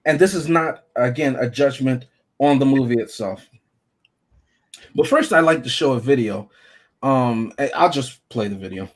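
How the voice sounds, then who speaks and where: A man's voice: medium pitch, normal speed. A man co-hosting a casual podcast chat, rambling and joking as he talks. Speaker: podcast co-host.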